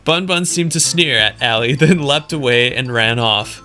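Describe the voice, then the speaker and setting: A man's voice: mid-range voice, normal speed, bright, forceful tone, faint music behind. A young man narrating a game let's play, laughing often and mocking his own reading. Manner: giggly, self-mocking. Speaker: gaming video creator.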